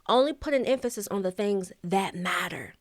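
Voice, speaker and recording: A woman teaching a vocal coaching lesson, speaking deliberately, stressing key words and pausing between them. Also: medium pitch, no echo, clean studio sound.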